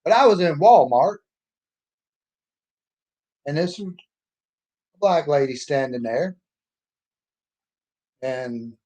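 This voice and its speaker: A man's voice: fairly high pitch, darkish tone. A man telling a folksy, blunt story in a casual monologue. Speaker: author and speaker.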